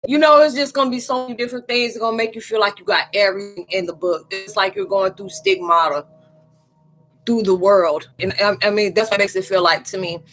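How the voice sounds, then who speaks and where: A woman hosting a casual spiritual live chat from her room, animated and talkative, often acting out quoted voices and laughing. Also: medium pitch, brisk, faint music behind, poor audio.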